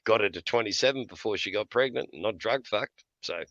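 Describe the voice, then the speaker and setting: A man's voice: fairly low pitch, brisk, fairly bright tone, no room sound, lo-fi sound. A middle-aged man telling blunt, profane stories in casual chat, often laughing between lines. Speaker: podcast host.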